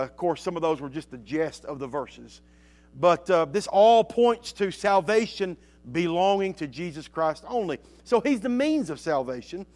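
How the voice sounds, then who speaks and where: A man preaching a sermon, reading scripture slowly and emphatically and dropping to soft asides in between. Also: sits high.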